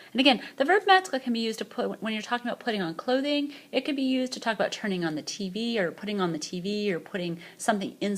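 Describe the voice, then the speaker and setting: A woman teacher with a fairly low voice narrates a French grammar screencast over a tablet. She explains each point patiently and models the verb forms slowly so that learners can repeat after her.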